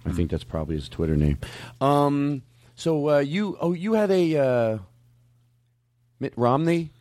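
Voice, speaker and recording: A man's voice: on the high side, very animated, a little slow, a little mellow, dry recording. Guy hosting a podcast, rambly and swears a lot, dry studio sound. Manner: rambling, profane, self-interrupting. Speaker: podcast host. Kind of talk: casual chat.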